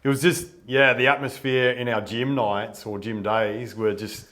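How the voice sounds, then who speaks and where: A man's voice: medium pitch, steady tone, normal speed, fairly bright tone. Laid-back man chatting. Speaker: co-host, bodywork therapist. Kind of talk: casual chat.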